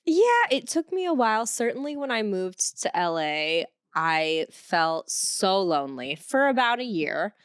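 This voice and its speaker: In a sing-song, mid-range voice, a little slow and with hardly any pauses, a Cleveland woman in her thirties hosts a casual podcast, telling candid stories full of swearing. Her tone is smooth, and the sound is clean studio audio with no room sound.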